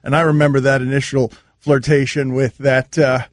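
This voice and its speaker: A man's voice: medium pitch, flat delivery, dry recording. A man hosting a sports radio show, bantering and arguing with a laugh in his voice. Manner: quick, laughing, argumentative. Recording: dry studio mic.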